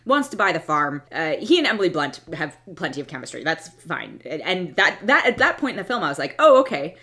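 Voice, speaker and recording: A woman's voice: low-pitched, big pitch swings, a little fast, pushed and bright. A woman giving a casual, blunt, opinionated film review, often restarting and trailing off mid-thought. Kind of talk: casual movie review monologue.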